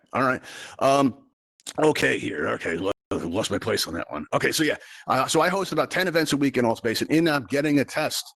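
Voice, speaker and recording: A man's voice: mid-range voice, fairly bright tone. A man hosting a live virtual game show, talking straight to his audience in a chatty, rambling showman manner.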